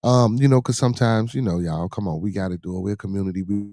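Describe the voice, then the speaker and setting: A man hosting a livestream podcast, animatedly begging chat for super chats and shouting out supporters. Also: on the low side, steady tone, quick pace, no room sound, clean studio sound. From Chicago area.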